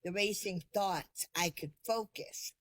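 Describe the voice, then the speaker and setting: A woman speaks as a podcast guest, telling her own story in a relaxed, chatty way. She talks slowly at a middle pitch. She laughs easily and pokes fun at herself. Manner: lively, laughs often, self-deprecating. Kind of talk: casual storytelling.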